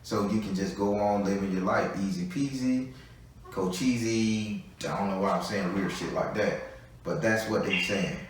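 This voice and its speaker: A man's voice: lowish voice, normal speed, a little hiss or hum. A man giving a live tarot reading, talking bluntly and freely, with a good deal of swearing. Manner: blunt, profane, chatty. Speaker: tarot reader. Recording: echoey room, voice from a distance.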